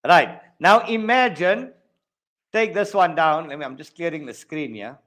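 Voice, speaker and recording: A man with a South African accent runs an online maths lesson, his voice sitting on the higher side. He is lively and jokey and counts the steps out loud. The sound comes through a video call. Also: unhurried. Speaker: maths teacher. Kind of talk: online exam-prep lesson.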